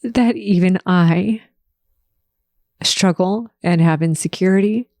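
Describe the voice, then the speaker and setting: A woman hosts her podcast and shares a personal story in a heartfelt, faith-focused way. She speaks slowly, with a gravelly edge to her voice. The sound is close and dry. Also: on the low side, darkish tone, no echo. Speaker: podcast host.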